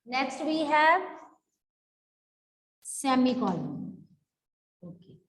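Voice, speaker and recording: Slow, high-voiced woman teacher. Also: big pitch swings. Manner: slow, explanatory, drawn-out words. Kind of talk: online class teaching. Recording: echoey hall-like room.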